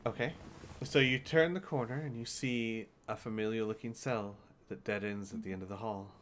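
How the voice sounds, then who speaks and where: A man running a tabletop game as game master, describing scenes in a calm, measured way. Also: on the low side, a little hiss or hum.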